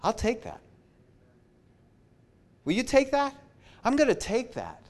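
A man preaching a sermon, slow and emphatic, repeating his key phrases. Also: very high-pitched, wildly swooping pitch.

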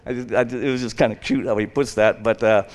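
A man's voice: fairly low pitch, fairly even intonation, brisk. A man preaching an informal sermon in a rambling, conversational way, full of fillers, acting out the quotes. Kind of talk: informal sermon retelling a Bible story.

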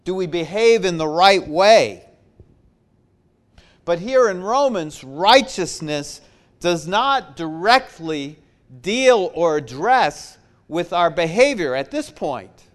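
A man preaching a sermon, slow and emphatic, repeating his key phrases. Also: sits high, fairly bright tone.

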